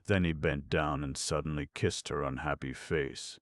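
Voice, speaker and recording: A man reading a novel aloud as an audiobook narrator, in a measured, expressive manner. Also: rumbling low, no room sound, studio quality. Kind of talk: scripted narration.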